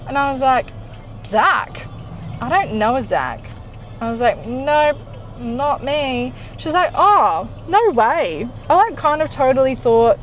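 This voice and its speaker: A woman's voice: high-pitched, slow pace, low-quality recording. A young woman telling a story in casual chat, acting out the dialogue and swearing now and then. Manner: chatty, animated, acts out dialogue, swears casually. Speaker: vlogger. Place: in a parked car.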